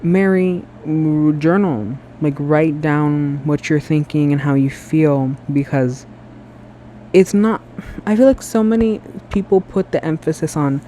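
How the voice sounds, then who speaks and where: Chatty, sassy male vlogger, a bit high and mellow, earnest ramble, phone mic in a bathroom. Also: a little slow, slight background noise. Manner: chatty and sassy, lots of "girl" and "like"; emotional and earnest, self-described sensitive. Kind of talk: casual rambling monologue to camera. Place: bathroom at home. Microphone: phone camera.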